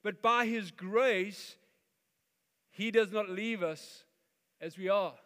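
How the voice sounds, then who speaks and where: A man preaching a sermon as pastor, animated and acting out the voices he quotes. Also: high voice, slow. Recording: long hall reverb.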